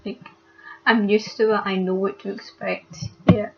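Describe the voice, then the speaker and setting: A young woman talks hurt and upset into a webcam, her voice flat and even, stopping often and padding her speech with fillers. The sound is dull and lo-fi, like cheap webcam audio. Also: medium pitch. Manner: halting, filler-heavy, many pauses. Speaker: vlogger. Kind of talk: casual confessional vlog.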